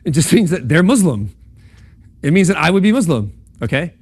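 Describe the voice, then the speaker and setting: Very animated and fairly quick, a young man speaks in a slightly high, darkish voice with a breathy edge. The campus ministry speaker gives an easygoing classroom lecture on logic, full of ums and okays, regularly checking in with his listeners.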